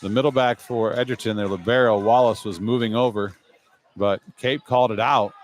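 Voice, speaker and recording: A man's voice: medium pitch, steady tone, slight background noise. Man calling a volleyball match live. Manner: brisk, conversational, chatty asides. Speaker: play-by-play announcer. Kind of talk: live sports commentary.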